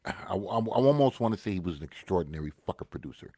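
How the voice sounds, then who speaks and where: A man's voice: sits low, expressive, quick pace, dark tone, dry recording, clean studio sound. A man co-hosting a podcast, a rapper talking about music in a laid-back way, swearing and often asking "you know what I mean". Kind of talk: casual podcast chat.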